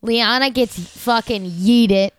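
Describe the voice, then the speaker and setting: Young female podcast co-host, bubbly and gushing, smooth voice, dry close sound. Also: fairly high pitch, takes it slowly, no echo. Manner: bubbly, gushing, heavy use of "like". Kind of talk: casual chat.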